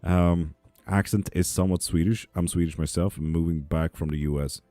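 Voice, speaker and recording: A man's voice: low-pitched, steady tone, moderate pace, mellow, no echo, faint music behind. A man hosting a live tarot stream in his apartment, chatting casually and reading out viewer comments with sarcastic, profane humor. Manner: profane, sarcastic, laughs often.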